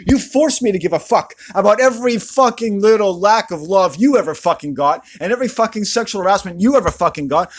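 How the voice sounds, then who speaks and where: A man with a squeaky voice ranting to camera outdoors in a furious, profane, confrontational way. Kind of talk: angry rant to camera.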